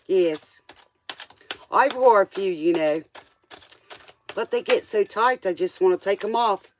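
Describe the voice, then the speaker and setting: A man's voice: high-pitched, slight background noise. A man doing a casual tarot reading, chatty and playful, with joking asides. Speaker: tarot reader.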